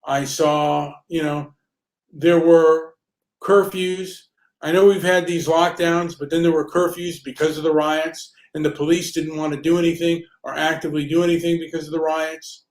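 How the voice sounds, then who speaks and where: A man's voice: fairly high pitch, little pitch movement. Rambling, swearing man in an echoey room. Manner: rambling, swearing, halting repetitions. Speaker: host. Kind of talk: casual ranting video chat.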